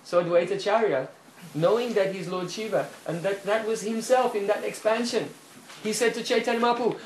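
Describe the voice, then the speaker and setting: A man preaching and storytelling with animation, pausing to check in with his listeners. His voice is fairly high for a man. It echoes in the room over a faint hiss. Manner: animated storyteller, frequent "hmm?" checks, chuckles. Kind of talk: sermon storytelling.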